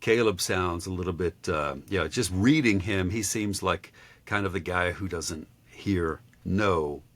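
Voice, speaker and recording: Deep-voiced halting man mentor. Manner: halting, many uh pauses. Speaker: voice acting mentor. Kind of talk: casual feedback session.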